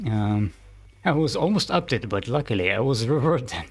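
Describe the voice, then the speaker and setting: A man's voice: mid-range voice, big pitch swings, normal speed, husky, dry recording. A man streaming a video game, thinking aloud in a hesitant, rambling way. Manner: rambling, hesitant, self-correcting. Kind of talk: thinking aloud while playing.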